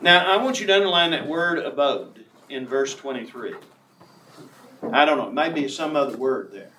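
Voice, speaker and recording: Man preaching, emphatic, slow scripture reading, fairly high voice, echoey room, away from the mic. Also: sharp tone, distant mic, slight background noise. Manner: emphatic, reads scripture slowly and draws out words. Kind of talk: sermon on a Bible passage.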